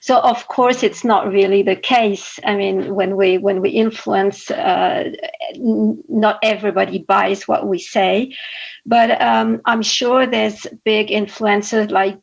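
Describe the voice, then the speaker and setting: A woman speaks slowly as a panel guest, with a gravelly edge to her voice. She talks hesitantly, reaching for words with many fillers. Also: medium pitch, steady tone, dull audio. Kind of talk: panel discussion.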